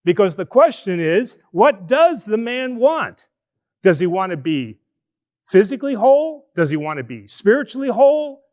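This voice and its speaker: High pitched guy giving a sermon in church, chatty, stretches words out for emphasis. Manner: animated, conversational preaching with drawn-out emphasis. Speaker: priest.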